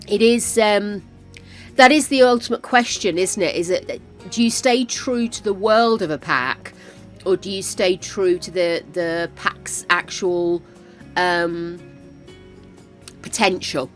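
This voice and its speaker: Older female streamer, chatty and excitable, unhurried delivery, faint music behind. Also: medium pitch. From United Kingdom. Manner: chatty, talks to viewers, easily excited. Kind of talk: casual live-stream chat while gaming.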